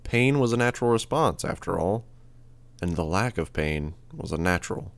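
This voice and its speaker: A man reading a first-person audiobook in a steady, measured way. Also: low-pitched. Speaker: audiobook narrator.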